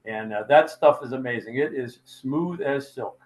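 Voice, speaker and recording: A man's voice: medium pitch, moderate pace, poor audio. An older man casually presenting his wood carvings, folksy and rambling with plenty of fillers. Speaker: sculptor presenting his work. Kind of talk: casual show-and-tell talk.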